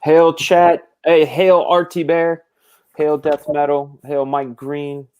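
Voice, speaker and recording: A man's voice: on the high side, little pitch movement, slow, a little mellow, smooth. A man on a live talk stream, chatting casually and a bit profanely while recovering from an illness. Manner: loose and profane, storytelling. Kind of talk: casual chat.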